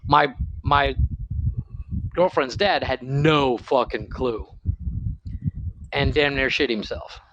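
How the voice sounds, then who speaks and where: A man's voice: medium pitch, slow pace, long pauses, background noise. A middle-aged man from Ohio co-hosting a podcast, telling crude stories in casual chat and laughing often. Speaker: podcast co-host. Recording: dull lo-fi sound.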